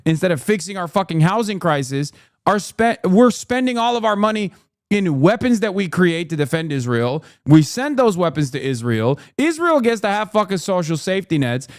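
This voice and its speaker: A man's voice: high-pitched, no room sound, studio quality. Heated profane man ranting. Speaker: streamer host. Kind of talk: ranting political commentary.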